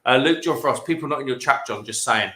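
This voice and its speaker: A bright, forceful male voice chats away as host of a late-night stream, reading out viewer comments and laughing often. The room gives his voice a noticeable echo. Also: mid-range voice, fast talker. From England. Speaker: livestream host. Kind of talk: casual chat reading out live chat.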